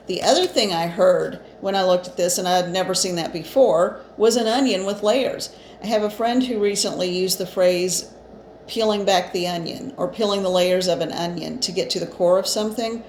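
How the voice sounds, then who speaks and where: A woman giving a casual spiritual card reading, chatty and reassuring, with fillers and restarts, a bit short of breath. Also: medium pitch. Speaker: psychic reader. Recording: echoey room, faint ambient noise.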